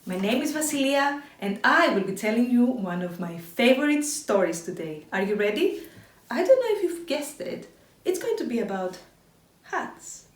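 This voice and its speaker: A woman telling a children's story in an animated, expressive way. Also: on the high side, normal speed. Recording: echoey room, distant mic.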